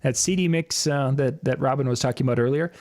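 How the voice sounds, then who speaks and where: A man's voice: medium pitch, fast talker, a little mellow. A man co-hosting a casual chat, mostly answering with short agreeing replies. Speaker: co-host.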